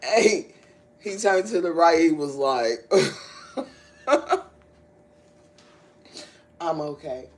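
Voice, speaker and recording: Slow-talking woman chatting on a livestream. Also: deep voice, rough recording. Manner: animated storytelling with frequent laughter. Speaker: livestream host. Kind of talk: casual livestream chat.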